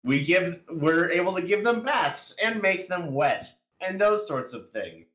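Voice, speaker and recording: A podcast host in casual chat who reads questions and cracks deadpan jokes. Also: medium pitch, measured pace. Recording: echoey room.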